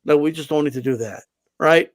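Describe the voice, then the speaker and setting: Podcast co-host, male, high voice, heated rant with restarts. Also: brisk. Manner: fired up, profane, many restarts. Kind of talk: heated casual boxing talk.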